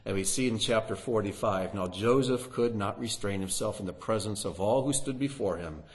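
A man's voice: on the low side, normal speed. A man teaching through a Bible passage, reading scripture aloud with rising emphasis and asking his listeners rhetorical questions.

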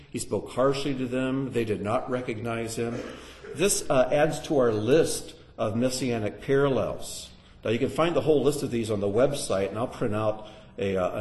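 A man teaching a Bible lesson to a live audience in sermon style, putting questions to the listeners. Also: fairly low pitch. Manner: animated, asks the audience questions. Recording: echoey room.

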